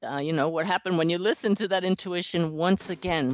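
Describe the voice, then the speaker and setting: A woman hosting a talk show, interviewing a guest and responding warmly. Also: lowish voice, fairly quick, few pauses, over music. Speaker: radio talk show host. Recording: dull, muffled sound, dry.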